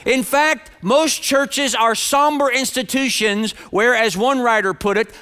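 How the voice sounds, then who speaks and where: Bright, high-voiced man preaching. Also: unhurried, hardly any pauses, clear, resonant tone. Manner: earnest, direct, repeats phrases for emphasis. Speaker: pastor. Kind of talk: sermon to a congregation.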